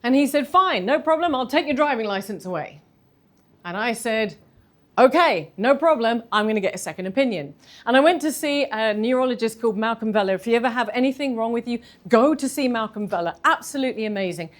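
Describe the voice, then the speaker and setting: A woman, telling a candid personal story in a talk, animated and self-deprecating. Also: a little high, a little fast. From London. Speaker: speaker giving a talk.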